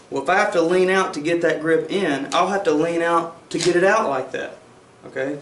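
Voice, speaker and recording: Firearms instructor, echoey room. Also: male voice, on the high side, a little hiss or hum. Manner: explains step by step, says "okay?" often, mimics shots with "bang". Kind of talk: demonstration lesson. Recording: roomy echo.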